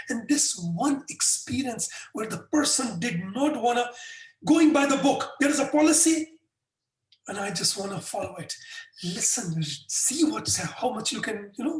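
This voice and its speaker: Echoey, distant middle-aged man telling stories. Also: very high-pitched. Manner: animated anecdotes with frequent restarts. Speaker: guest. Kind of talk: conversational storytelling. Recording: echoey room, distant mic.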